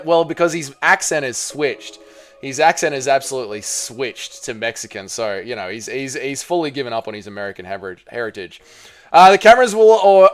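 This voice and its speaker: A man hosting a casual livestream, reading chat aloud, swearing often and excitedly thanking donors. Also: a little high, smooth. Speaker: livestream host.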